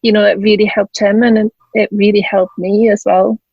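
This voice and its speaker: Guesting on an interview podcast from her home in Scotland, a German-born author and widowed mother tells a personal story conversationally, performing the dialogue. Her medium-pitched voice is flat, husky and full of vocal fry, at a moderate pace, and the audio is dull with no echo.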